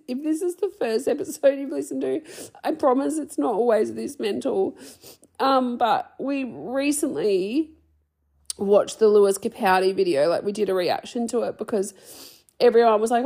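Gravelly woman chatting on a podcast. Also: a little high, normal speed, warm tone. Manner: rambling, swears freely, self-deprecating. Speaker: podcast host. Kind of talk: casual solo podcast chat.

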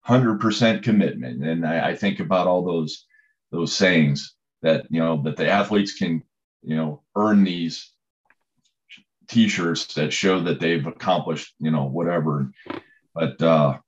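Man, coach, very low voice, rambling, many fillers, dull recording. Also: a little slow. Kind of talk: storytelling in conversation.

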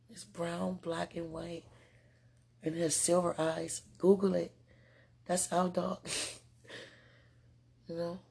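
A woman's voice: on the low side, gravelly, a little mellow, husky. A woman recording a rambling, affectionate spoken message to a loved one, laughing often between her thoughts.

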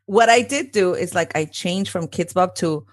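A woman's voice: on the low side, moderate pace. A woman in her thirties co-hosting a podcast in casual chat, laughing often and mixing in Spanish phrases. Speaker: podcast co-host.

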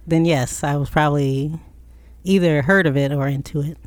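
A woman's voice: low voice, fairly even intonation, moderate pace, crowd noise. A woman chatting casually and enthusiastically about the music she loves. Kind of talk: casual chat.

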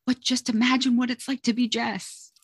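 A woman's voice: on the high side, little pitch movement, normal speed, breathy edge, dry recording. A woman who teaches music, chatting as an interview guest and telling stories expressively, often saying "you know" and "like". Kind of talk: conversational interview talk.

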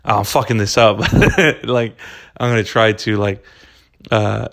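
A man's voice: lowish voice, fairly even intonation, unhurried, creaky, fairly bright tone. Rambling, profane man hosting a podcast. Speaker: podcast host. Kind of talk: casual solo podcast monologue.

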